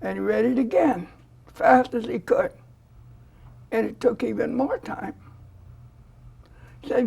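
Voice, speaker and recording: Gravelly husky older woman telling stories. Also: on the high side, unhurried, pauses often. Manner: animated storyteller who acts out quoted dialogue. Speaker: foster grandparent volunteer. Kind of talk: storytelling in a studio interview.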